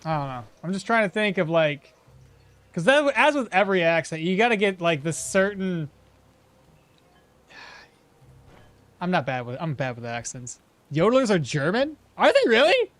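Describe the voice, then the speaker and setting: A man's voice: high-pitched, expressive, measured pace, long pauses, fairly bright tone. A man streaming a game, talking casually and rambling to his viewers, often correcting himself mid-sentence. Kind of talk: casual gameplay commentary.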